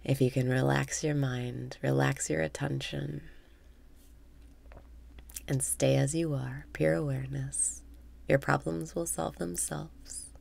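A woman leading a guided meditation with calm breath cues, often dropping into a half whisper. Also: very deep voice, slow pace, gravelly.

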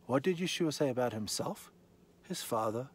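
A man giving an animated, conversational Bible lesson, firing rhetorical questions straight at the listener. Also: medium pitch, normal speed, a little hiss or hum. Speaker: Bible teacher.

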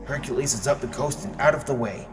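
Brief: sneering villain tugboat, snappy and loud, a man voices him, storybook, music under. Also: medium pitch, fast, big-room sound, natural voice. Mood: snappy, scheming. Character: devious sharp-tongued male tugboat.

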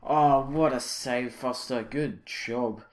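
A young man commentating his own football video game, reacting loudly and with frustration to misses and saves. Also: medium pitch, slow. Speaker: gaming channel host. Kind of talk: live gameplay commentary.

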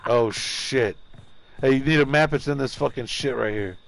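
A man streaming a game live, giving loud, excitable, profane commentary and taunting the enemy. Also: medium pitch, normal speed, vocal fry, slight background noise.

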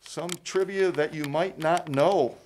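Middle-aged male host, casual and chatty, folksy presenter, a touch high-pitched. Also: a little slow, darkish tone, slight background noise. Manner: chatty, folksy, rambling trivia. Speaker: fundraiser host.

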